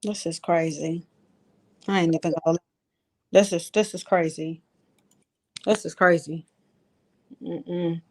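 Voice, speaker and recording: A woman's voice: fairly low pitch, fairly even intonation, takes it slowly, pauses often. An exasperated woman, ranting in a heated casual chat and repeating herself.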